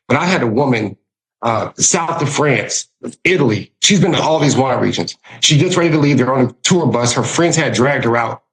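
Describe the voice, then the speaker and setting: A man with a Southern US accent telling lively stories about hosting guests, often acting out what people said. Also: medium pitch, rough recording. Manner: animated, acts out voices in his stories. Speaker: guest, winery hospitality director. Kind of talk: storytelling in casual podcast chat.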